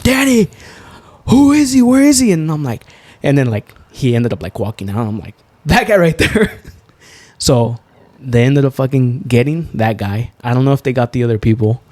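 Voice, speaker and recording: A young man co-hosting a podcast, telling a story in a loose, profane way and jumping up high when he gets excited. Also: moderate pace, no room sound. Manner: animated, profane, swings to high laughing exclaims. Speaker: podcast co-host. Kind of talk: storytelling in casual chat.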